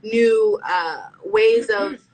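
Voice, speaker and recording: A woman's voice: mid-range voice, fairly even intonation, very slow, a little mellow, a little hiss or hum, poor audio. A woman stylist chatting casually in an interview over a video call, slangy and full of restarts. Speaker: fashion stylist.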